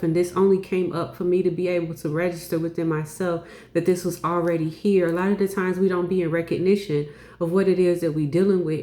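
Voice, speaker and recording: A spiritual reader delivers a channeled message, circling back on phrases with emphatic repetition and dropping in casual asides. Her voice is a little low for a woman and a bit mellow, and the room carries a noticeable echo.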